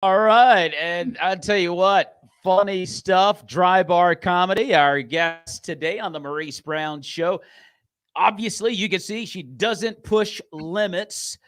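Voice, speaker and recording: A man hosting a talk show, hyping up his guest with an upbeat, energetic delivery. His voice sits a bit higher than most men's. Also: takes it slowly, clean tone. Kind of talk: live talk show interview.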